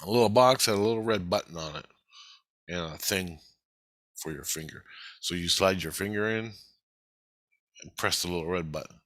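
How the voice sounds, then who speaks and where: A man with a fairly low but bright, forceful voice tells a rambling story of a spiritual experience, swearing constantly and sounding worked up. The sound is dry and close, with almost no room around it. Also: normal speed, pauses often, no room sound. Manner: heavy swearing, agitated and rambling. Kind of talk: casual spoken monologue recounting a spiritual experience.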